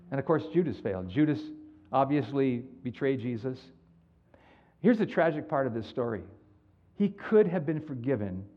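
A man preaching a sermon as pastor, animated and acting out the people in his stories. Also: mid-range voice, muffled recording. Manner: animated storytelling, acts out quoted dialogue.

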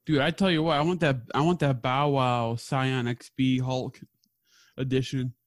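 A man's voice: mid-range voice, level tone, normal speed, no echo. A young man co-hosting a casual podcast, teasing and sarcastic toward his friends. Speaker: podcast co-host. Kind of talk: casual chat.

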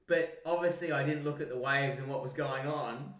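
An Australian man and podcast co-host telling an animated, sweary story in casual chat. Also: medium pitch, normal speed, far from the mic. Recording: roomy sound, mic set back.

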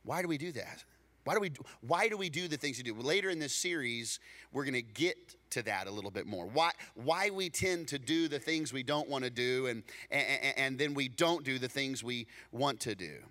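A man preaching a storytelling sermon, animated, acting out dialogue and repeating words when excited. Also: medium pitch, normal speed. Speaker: pastor.

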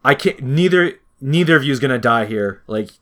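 A man in casual chat about a video game, excited and rambling, acting out quotes in passing. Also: mid-range voice, a little fast.

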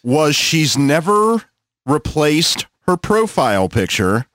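A man in his thirties telling a crude anecdote on a podcast, laid-back and laughing. His pitch swings widely, and his voice sits a little high for a man. The sound is dry and close. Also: sing-song, slow pace, fairly bright tone, dry recording. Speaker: podcast host and rideshare driver. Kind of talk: casual storytelling chat.

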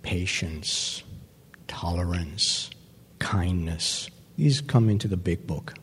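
A man giving a personal recovery testimony to an audience, speaking reflectively and pausing often with fillers. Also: low-pitched, a little hiss or hum. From New York. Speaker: speaker sharing his recovery story. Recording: long hall reverb.

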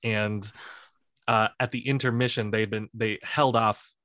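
A man co-hosting a podcast, sharing a story with lots of energy and frequent laughter. His voice is bright and forceful. The sound is dry, with little room around it. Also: fairly low pitch, a little slow, no room sound. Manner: animated storyteller, laughs often. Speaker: podcast co-host. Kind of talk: casual chat.

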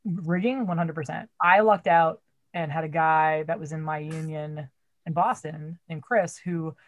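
In a low voice that's fairly even and a little slow, a forties-aged woman from Massachusetts speaks in her home accent. She's a theater rigger in casual podcast conversation, loud, blunt, and heavy on the swearing.

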